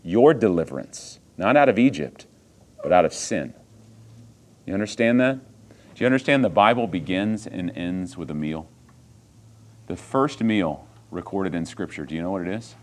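A man preaching a sermon, swinging from hushed, slow passages to loud, emphatic ones and asking the congregation rhetorical questions. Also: low-pitched, animated. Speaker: pastor.

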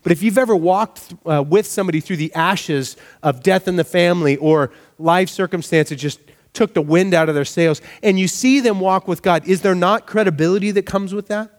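Lively preaching man, slightly high voice. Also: moderate pace. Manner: animated, conversational preaching with rhetorical questions. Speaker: pastor. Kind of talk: sermon.

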